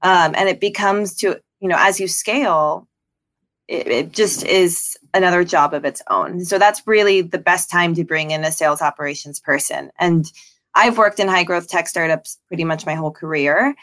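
Low-voiced woman guest, thoughtful. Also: normal speed, a bit bright. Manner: thoughtful, with frequent ums and restarts. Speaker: podcast guest. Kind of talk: casual interview.

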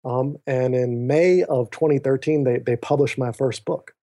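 A man with a mid-range voice, talking at normal speed, guests on a podcast over a remote call mic. He earnestly relates a personal story, bringing it to life by quoting and acting out the dialogue.

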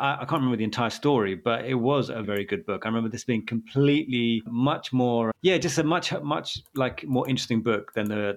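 Male co-host, late thirties, quick, easygoing, self-mocking storyteller. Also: lowish voice. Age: late 30s. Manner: relaxed storytelling, self-deprecating. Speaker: podcast co-host. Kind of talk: casual chat.

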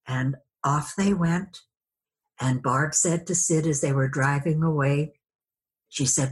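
A woman's voice: low-pitched, slow pace. A woman guest sharing a personal story in a conversation, reflective, acting out remembered dialogue.

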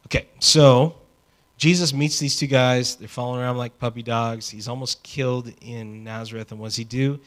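A man preaching a sermon in a conversational, animated way, with casual asides. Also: medium pitch, normal speed. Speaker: pastor.

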